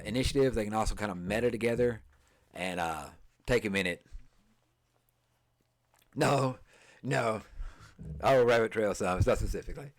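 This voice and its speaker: A man hosting a tabletop game podcast, chatting casually and reading game rules aloud, halting often, restarting phrases and filling pauses. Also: on the low side. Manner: halting, many fillers and restarts, stumbles over words. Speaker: podcast host. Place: streamed podcast setup.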